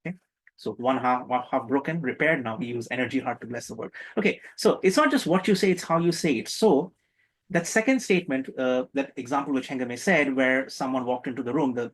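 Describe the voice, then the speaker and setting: A man's voice: medium pitch, a little hiss or hum, rough recording. A man teaching a spiritual workshop, joking, stressing his points hard and getting the audience to join in. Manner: playful, joking, emphatic, engages the audience. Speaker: meditation workshop instructor. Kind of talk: interactive spiritual workshop talk.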